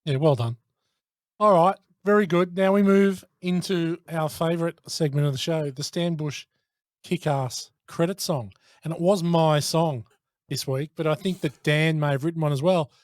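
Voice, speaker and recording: A man with a notably high voice co-hosting a podcast. He talks in excitable, flustered bursts. The sound is dry and close to the mic. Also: moderate pace, dry recording. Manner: exclamatory, flustered banter. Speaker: podcast co-host. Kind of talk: casual chat.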